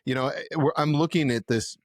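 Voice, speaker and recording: A man hosting a podcast, asking halting, stammering questions. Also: on the high side, no room sound, studio quality. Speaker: podcast host. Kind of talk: casual interview chat.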